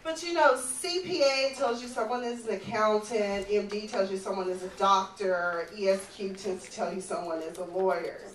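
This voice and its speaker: A woman's voice: mid-range voice, steady tone, moderate pace, hardly any pauses. A woman doing a stand-up comedy routine in a comedy club, sassy and conversational as she teases the audience. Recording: echoey, far-off club recording with faint ambient noise.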